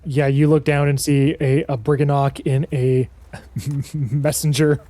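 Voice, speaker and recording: A man's voice: on the high side, flat delivery, a little slow, mellow, dry recording. A man running a tabletop game as dungeon master, narrating in a casual, loose way.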